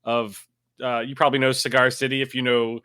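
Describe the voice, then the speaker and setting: A man's voice: medium pitch, level tone, brisk, pushed and bright, clean tone. A man co-hosting a casual podcast, chatting with frequent hesitations. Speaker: podcast co-host. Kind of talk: casual chat.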